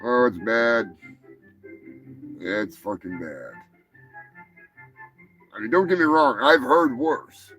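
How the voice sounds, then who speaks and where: A man's voice: mid-range voice, animated, slow pace, long pauses, fairly bright tone, faint music behind, rough recording. A man hosting a casual live comedy show, talking in a profane, rambling, offhand way. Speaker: host.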